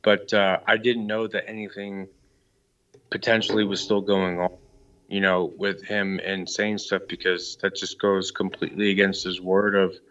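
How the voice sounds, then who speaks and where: A man's voice: deep voice, level tone, normal speed, a bit bright. A male caller on a live stream, defensive and rambling, swearing a lot in a heated argument. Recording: dull lo-fi call-in audio.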